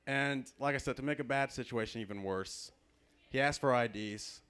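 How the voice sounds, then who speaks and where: A young man telling a stand-up story in a deadpan way. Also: mid-range voice, normal speed, clear, resonant tone. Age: young adult. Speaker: stand-up comedian.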